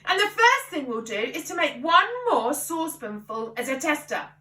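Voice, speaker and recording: A boastful, overexcited father , as a woman reads him aloud, cries out every plan in a high, lively voice. He gushes without pausing for breath, all bright energy. The room rings and the voice sounds set back from the mic. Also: full character voice. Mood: eager. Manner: shouting, gushing. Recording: echoey room, voice from a distance.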